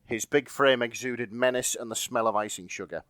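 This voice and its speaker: A man's voice: mid-range voice, moderate pace, fairly bright tone, slight background noise. A man co-hosting a podcast, chatting casually and laughing as he retells a fan fiction, swearing freely. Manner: laughing, swearing, rambling with fillers. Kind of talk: casual chat.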